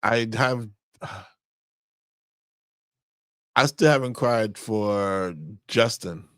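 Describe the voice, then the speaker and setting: A man co-hosting a faith-based marriage podcast, speaking in a halting way as he searches for words. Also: medium pitch, a bit bright, clear, resonant tone, dry recording, studio quality. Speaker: podcast co-host. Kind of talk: casual faith-based chat about marriage.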